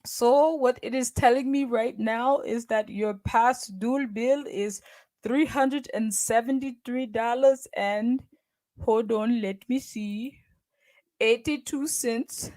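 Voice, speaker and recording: A woman's voice: fairly high pitch, slow, a little mellow, pitched above the performer's own voice. A woman voicing an overly polite overseas call-center representative, with a put-on thick foreign accent and stiff, formal phrasing. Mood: businesslike. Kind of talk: comic impression during a livestream.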